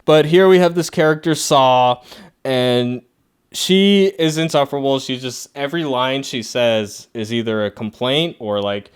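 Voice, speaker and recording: Young male reviewer, smooth voice, mid pitch, chatty and sarcastic. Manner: chatty, laughs often, sarcastic asides. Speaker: comic book reviewer. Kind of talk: casual spoken review.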